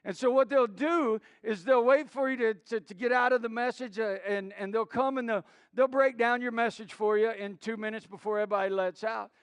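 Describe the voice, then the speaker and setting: A man's voice: very high-pitched, fairly even intonation, a little fast, hardly any pauses, clear, resonant tone, no echo. A middle-aged man preaching a sermon, telling stories with many restarts and acted-out quotes. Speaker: pastor.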